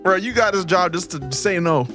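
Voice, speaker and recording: A man's voice: high-pitched, expressive, moderate pace, sharp tone, faint music behind. A man co-hosting a podcast, joking around and laughing through his lines. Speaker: podcast co-host. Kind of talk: casual chat.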